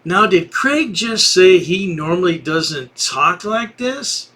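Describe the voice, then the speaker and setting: A man's voice: high-pitched, expressive, takes it slowly, bright, forceful tone, a little hiss or hum. A man hosting a commentary video, mocking the people in the clip in a sarcastic, taunting voice-over. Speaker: commentary channel host.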